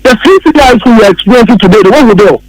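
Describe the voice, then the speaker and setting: A man's voice: very high-pitched, animated, rapid-fire, rough recording. A man with a Ghanaian accent, a political commentator on a radio talk show, arguing emphatically and repeating his points.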